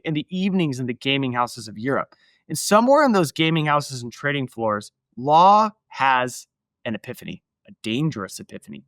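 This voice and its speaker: A man's voice: a little high, a bit bright, dry recording. A man hosting a podcast, narrating history in a casual, emphatic way with asides to his listeners. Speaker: podcast host.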